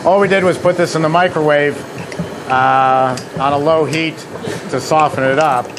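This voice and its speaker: Amid a noisy background, a middle-aged man with a fairly high voice and fairly even intonation talks at normal speed. He's the head of an ice cream machine company demonstrating frozen dessert recipes in a kitchen, chatty and folksy, with many "uh" fillers.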